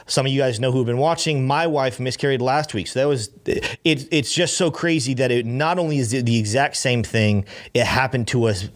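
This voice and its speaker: A young man co-hosting a casual crypto livestream, energetic and promotional, with many fillers. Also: mid-range voice, brisk. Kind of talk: casual live-stream chat.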